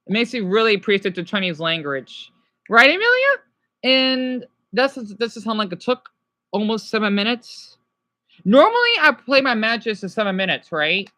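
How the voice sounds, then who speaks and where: A woman giving casual, rambling commentary while playing a video game, talking excitedly to her viewers. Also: mid-range voice, no room sound. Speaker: gameplay commentator.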